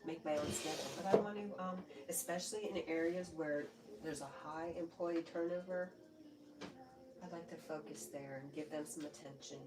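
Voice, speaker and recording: A woman's voice: low-pitched, normal speed, noisy background. A woman hosting a casual livestream, chatting, reading viewer comments aloud and cooing to her dog. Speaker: livestream host.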